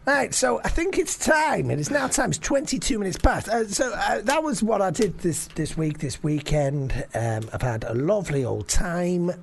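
Laughing, animated male comedy podcaster. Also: high-pitched, normal speed, creaky, hardly any pauses, breathy edge. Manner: laughs often, swears, animated storytelling. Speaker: podcast co-host. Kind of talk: casual chat.

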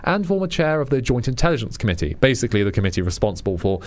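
A man's voice: medium pitch, sing-song, rapid-fire. A man hosting a political radio show, talking in a chatty, wry way with many fillers and restarts. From Britain. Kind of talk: radio monologue on current affairs.

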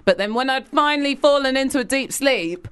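A woman's voice: high voice, fairly quick, clear, resonant tone. Chatty, laughing woman radio host. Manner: chatty, laughs often, animated storytelling. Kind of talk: casual radio chat.

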